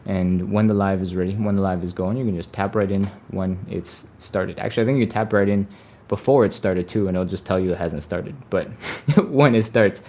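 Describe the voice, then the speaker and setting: Low-voiced man coaching a live stretch. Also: a little fast, hardly any pauses, darkish tone, slight background noise. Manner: upbeat and chatty, sighs and laughs between cues. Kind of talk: live workout instruction.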